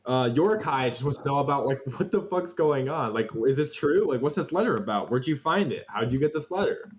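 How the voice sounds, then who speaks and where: A man's voice: mid-range voice, animated, a little fast, slight background noise. A man running a tabletop game as game master, loose and laughing, swearing often.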